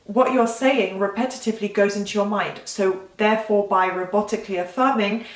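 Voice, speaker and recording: A woman's voice: mid-range voice, steady tone, brisk, distant mic. Chatty woman coach in a roomy space. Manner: rambling, self-correcting, chatty. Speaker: manifestation coach. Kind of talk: casual talking-head advice.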